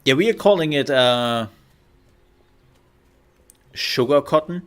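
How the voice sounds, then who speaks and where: A man's voice: medium pitch, lively intonation, slow, fairly bright tone, clear, resonant tone. A man casually commenting while streaming a video game, playful and rambling, joking to himself.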